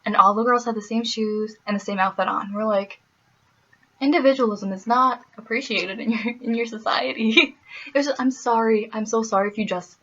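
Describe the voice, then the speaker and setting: A young woman from the US Midwest telling stories in a casual vlog, animated, laughing often and slipping in playful asides. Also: fairly high pitch, moderate pace, lo-fi sound. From Wisconsin, US Midwest. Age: young adult. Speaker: vlogger.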